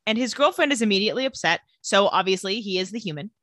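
A woman's voice: mid-range voice, expressive, fast, fairly bright tone, no echo, studio quality. A young adult woman co-hosting a podcast, chattily recapping a TV episode. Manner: chatty storytelling. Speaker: podcast co-host.

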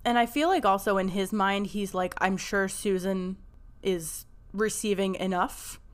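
Chatty young woman podcast co-host. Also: medium pitch. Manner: chatty, hedging, quick to laugh. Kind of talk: casual podcast discussion and recap narration.

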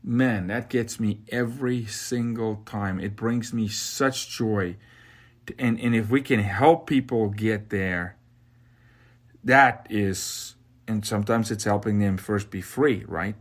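A man's voice: lowish voice, fairly even intonation, takes it slowly. Impassioned man hosting a faith podcast. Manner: impassioned, preachy exhortation. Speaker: podcast host.

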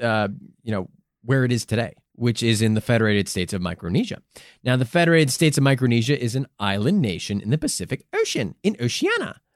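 A man hosting a comedic podcast, playful and animated, who swears casually while explaining history. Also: medium pitch, no echo, studio quality. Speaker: podcast host.

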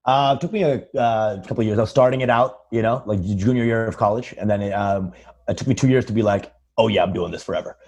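Fast-talking husky young man. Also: fairly low pitch, steady tone, a little mellow, dull audio. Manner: crude, riffs with put-on voices, says dude a lot. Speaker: comedian podcast guest. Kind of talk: casual comedic chat.

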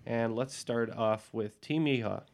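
A man's voice: mid-range voice, a little slow. A man casually hosting a movie-quote trivia game, hesitating with "uh" often. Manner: relaxed, many "uh"s, reads movie quotes. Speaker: quiz host.

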